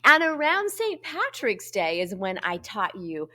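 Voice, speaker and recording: A woman music teacher giving a lesson to young children, talking in an animated way and swooping between high and low voices. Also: measured pace.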